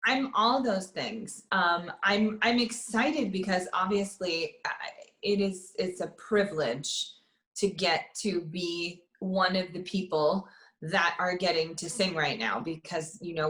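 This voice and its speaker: A woman's voice: on the low side, fairly bright tone, roomy sound. A woman, an opera soprano, chatting casually in an interview over a video call, laughing often and restarting her sentences. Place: apartment.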